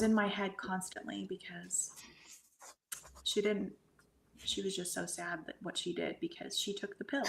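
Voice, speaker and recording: A middle-aged woman telling a personal story as a guest, halting and often sinking to a soft whisper. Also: mid-range voice, level tone, vocal fry, a little hiss or hum. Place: at home. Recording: roomy echo.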